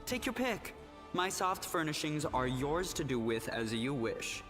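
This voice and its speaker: Pompous aristocrat count, drawling arch tone, echoey game audio, music behind. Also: male voice, fairly high pitch, sing-song, unhurried. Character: haughty, decadent male noble count. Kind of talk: video game voice acting.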